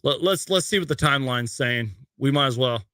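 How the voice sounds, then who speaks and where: A young man hosting a post-game fan rant from his bedroom, emotional and halting, choked up as he reads tweets aloud to a webcam. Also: mid-range voice, expressive, bright, forceful tone, no room sound. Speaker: host. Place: bedroom at home.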